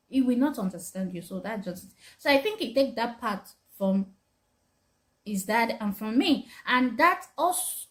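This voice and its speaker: A woman talking earnestly to parents, advising them as a mother, often repeating herself and laughing. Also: fairly high pitch. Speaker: mother giving parenting advice. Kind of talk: casual advice talk to parents.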